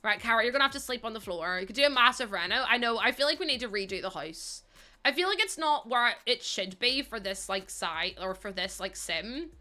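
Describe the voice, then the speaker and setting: Fairly quick and animated, this bright, forceful, high-leaning woman's voice belongs to a young streamer playing a life-sim game. She laughs frequently while casually chatting to her audience and the characters.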